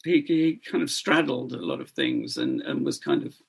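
Man, podcast co-host, husky, gravelly, lively pitch. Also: moderate pace. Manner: hesitant, thoughtful questions. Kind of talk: casual podcast chat.

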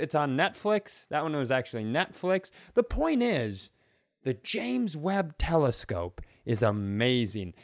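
A man co-hosts a podcast with a somewhat high voice that swings widely in pitch as he riffs. He talks with playful, mock-confident bravado, and the close mic leaves his voice dry. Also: dry recording. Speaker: podcast co-host. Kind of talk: casual comedic chat.

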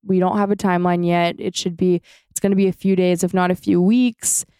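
A young woman co-hosting a podcast, telling stories in a casual, animated way and acting out the quotes. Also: fairly low pitch, a little fast, smooth, dry recording. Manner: animated storytelling, acts out quotes. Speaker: podcast co-host. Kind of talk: casual chat.

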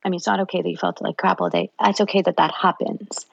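A woman's voice: fairly low pitch, flat delivery, quick pace, creaky, husky, no echo, dull audio. A woman psychologist guest in a podcast interview, explaining at length and acting out little parent-child exchanges. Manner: warm explanatory, acts out parent-child dialogue.

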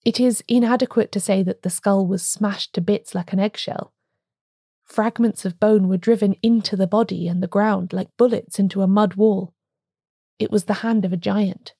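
A grave, slightly nervous village doctor explains in low, measured tones, voiced by a woman reading the story. The tone is mellow and gravelly, and the recording is close and dry. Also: steady tone, dry recording. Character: tall, grim, nervous male village doctor.

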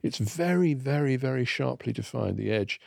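A man speaking as a guest in a studio radio discussion, explaining with lively enthusiasm and emphatic stress. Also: medium pitch, normal speed, gravelly, dry recording. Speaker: guest expert on accents.

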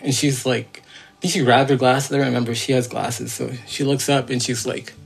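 A man's voice: medium pitch, level tone, normal speed, vocal fry, husky. A man telling his own strange encounter as a podcast guest, in a loose, rambling way full of fillers, restarts and earnest asides. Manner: earnest, insistent. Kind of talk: casual spoken storytelling.

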